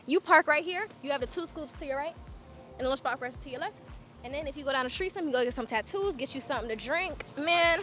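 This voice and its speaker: A young woman from Charlotte, vlogging casually, bubbly and chatty with frequent laughs. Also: high voice. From Charlotte, North Carolina. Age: young adult. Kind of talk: casual vlog chat.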